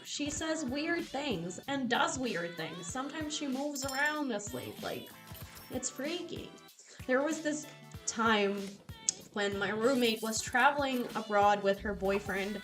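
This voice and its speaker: A young woman chatting casually with live viewers, telling stories with animated, loose delivery and casual swearing. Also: a little high. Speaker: casino streamer.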